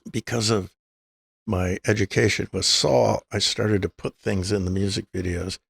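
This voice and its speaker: A man's voice: fairly low pitch, steady tone, normal speed, gravelly, a bit bright, slightly rough, no room sound. An older man, a guest in an interview, telling long anecdotes and acting out the quoted lines of the people in them. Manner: anecdotal, acts out quoted dialogue. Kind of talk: storytelling interview.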